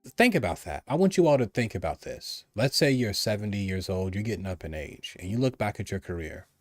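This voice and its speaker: A man's voice: on the low side, lively intonation, a little fast, no room sound, clean studio sound, soft background music. A man from the United States giving an emphatic, repetitive opinion monologue, mimicking others in a raised voice. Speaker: commentator.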